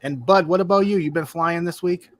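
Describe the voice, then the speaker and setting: A man's voice: on the high side, brisk, no room sound. A man with a Northeastern US accent hosting a casual livestream chat, easygoing as he moderates the panel. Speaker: livestream host.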